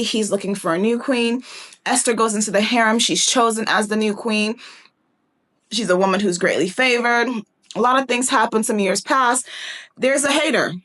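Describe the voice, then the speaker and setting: A young woman giving a fast, chatty Bible teaching, playfully acting out the characters as she retells a story. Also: medium pitch, a bit bright. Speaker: prophetic teacher.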